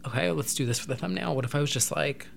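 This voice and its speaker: A young adult man vlogging to camera, rambling in an animated, casual way with occasional swearing. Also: a little high, quick pace, vocal fry, a little hiss or hum.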